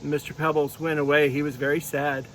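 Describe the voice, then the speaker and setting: A man telling a children's sermon with puppets, in a gentle storytelling manner. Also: fairly high pitch, level tone, quick pace, rough recording. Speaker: clergy giving children's sermon.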